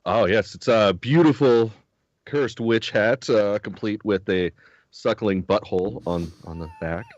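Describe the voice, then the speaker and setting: A crude, jokey vampire, played by a man, with a very deep voice in a tabletop game. The sound is dry and dull, as over an online call. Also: unhurried, darkish tone, no room sound, lightly acted. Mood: smug. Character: male vampire in a cursed witch hat. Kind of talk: tabletop role-play.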